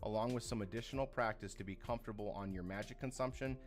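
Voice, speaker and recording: A man reading scripted narration for a video game speedrun guide in a steady, instructional manner. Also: fairly low pitch, fast, soft background music.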